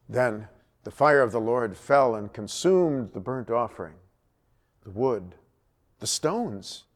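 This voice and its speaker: A man leads a church Bible study session and retells a scripture story with lively delivery. His pitch moves up and down a great deal, and his voice sits in the middle of the usual male range.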